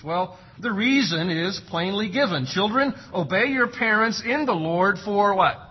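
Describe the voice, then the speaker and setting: Husky-voiced man preaching a sermon. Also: sits high, animated, moderate pace, hardly any pauses, lo-fi sound. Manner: emphatic, rhetorical questions, acts out parents' sayings. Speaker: pastor.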